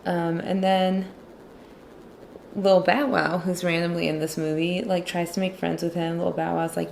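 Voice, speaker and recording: In a slightly noisy setting, an illustrator and movie commentator chats casually while drawing, sarcastic and full of "like" as she talks about a film. Her lowish, darkish voice carries vocal fry, with a flat delivery and a somewhat slow pace.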